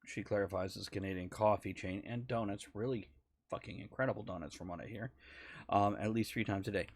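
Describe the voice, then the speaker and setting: A man's voice: lowish voice, no echo. Male podcast host, casual and profane, chuckles often, dry studio sound. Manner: profane, laughs while reading. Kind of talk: casual chat.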